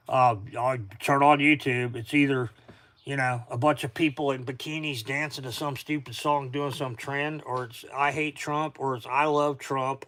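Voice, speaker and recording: A man's voice: mid-range voice, a bit bright. Tired, rambling Southern man. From Florida. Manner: rambling, chatty, greets viewers by name. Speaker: outdoor livestream host. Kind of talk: casual livestream chat. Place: garage workshop.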